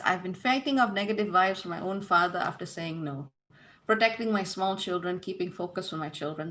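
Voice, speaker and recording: A woman's voice: mid-range voice, a bit bright. A woman hosting a casual livestream Q&A, reading viewers' comments aloud and answering them with easy laughter. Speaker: host answering live chat questions.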